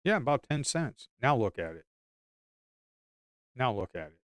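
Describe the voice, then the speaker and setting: A man's voice: medium pitch, very animated, measured pace, dry recording, clean studio sound. A man giving live stock trading commentary in an emphatic, repetitive way.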